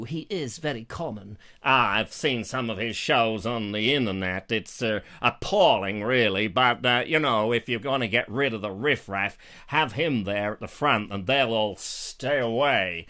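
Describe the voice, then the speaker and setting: A man putting on a gruff, deep-voiced snobbish royal in a slow, haughty drawl. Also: bright, forceful tone.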